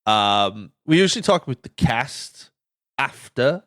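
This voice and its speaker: A man's voice: medium pitch, sing-song, a little slow, a bit bright, no room sound, studio quality. A young man hosting a casual film podcast, rambling, swearing and stumbling over his words. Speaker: podcast host.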